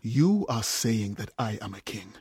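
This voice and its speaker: This is a calm, solemn male teacher voiced by a man reading aloud. He speaks in a measured, husky tone, and the recording is dry and close. The voice stays quiet and steady. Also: on the low side, no echo, pitched below the performer's own voice, exaggerated voice.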